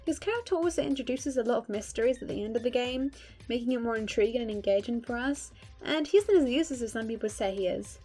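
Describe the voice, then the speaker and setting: A woman's voice: on the high side, fast talker, dark tone, breathy edge, soft background music. A young woman giving casual fan commentary, gushing and emphatic, swearing freely. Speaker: video creator.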